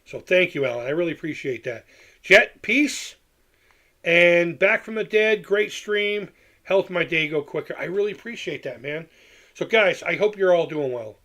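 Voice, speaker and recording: A man's voice: high-pitched, expressive, normal speed, sharp tone. Candid rambling man on a livestream. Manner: rambling, candid, repeats himself, frequent restarts. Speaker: livestream host reading chat. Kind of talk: casual livestream chat.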